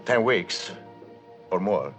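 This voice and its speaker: A terse, secretive traveler. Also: male voice, sits low, animated, slow pace, a bit bright, soft background music, heavily acted. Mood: guarded. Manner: short, guarded answers.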